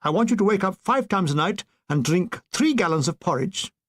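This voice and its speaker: A man voicing a brisk, officious army doctor giving orders. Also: sits high, animated.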